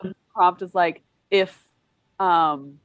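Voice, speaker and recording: A woman's voice: lowish voice, takes it slowly, no room sound. A woman in her thirties co-hosting a casual podcast, rambling with many fillers and frequent giggles. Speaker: podcast co-host.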